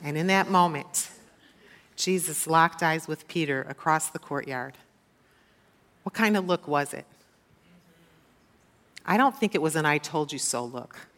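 A woman preacher retells a scripture story in a sermon, with a voice a little low in pitch. She keeps asking her listeners questions and shifts between quiet reflection and emphatic telling. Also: unhurried, long pauses.

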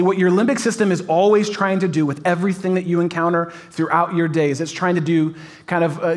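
A man preaching in a church with a noticeably high voice for a man. He talks to the congregation in a chatty, upbeat way and laughs often. His sermon feels like friendly conversation. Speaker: pastor. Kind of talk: casual sermon to a live congregation. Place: church auditorium.

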